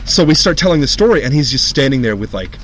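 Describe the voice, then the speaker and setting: A man telling a spooky story in casual podcast chat, jokey and animated, dropping his voice low for the eerie parts. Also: quick pace.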